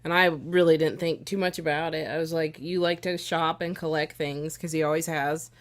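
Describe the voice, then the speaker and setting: A woman in her thirties speaks in a somewhat low voice on her husband's casual podcast. She tells stories in an easygoing way, teasing him and laughing readily. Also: moderate pace. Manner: relaxed, teasing, laughs easily. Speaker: podcast guest, host's wife. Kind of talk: casual conversational storytelling.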